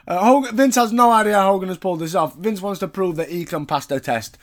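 A man talks through a recap in a loose, chatty way, wry and quick to swear. His voice sits a little on the high side. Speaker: podcast host recapping wrestling. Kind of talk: casual recap commentary.

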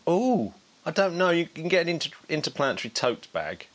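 A man co-hosting a podcast in casual chat, playful and quick to laugh. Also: fairly high pitch, very animated. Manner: playful, laughs often, restarts. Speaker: podcast co-host.

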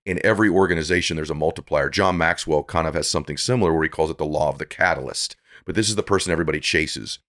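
A man's voice: rumbling low, very fast, few pauses, fairly bright tone. A middle-aged man speaking as a podcast guest, giving earnest, preachy motivational talk that builds to emphatic peaks.

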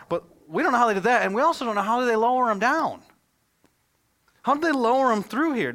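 His voice sitting high, a man who pastors a congregation preaches with energy and a conversational feel, telling stories and asking questions he doesn't expect answered.

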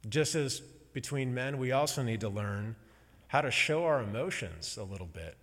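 Guy preaching a heartfelt sermon, halting and emotional, middle pitch, long hall echo. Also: animated, fairly bright tone. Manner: slow, halting, emotional storytelling with pauses. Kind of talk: personal sermon to a congregation.

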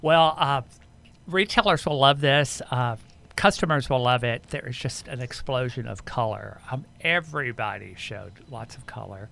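A man's voice: medium pitch, moderate pace, creaky, pushed and bright. A man guest in a casual podcast chat, enthusiastic as he runs through trends. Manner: enthusiastic, lists names and trends. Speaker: fashion guest.

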